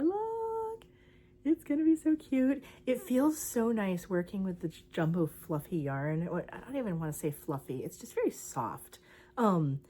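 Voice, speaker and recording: A young woman vlogs about her crochet project in a chatty, rambling way, using many fillers. She has a lowish voice with a darkish tone.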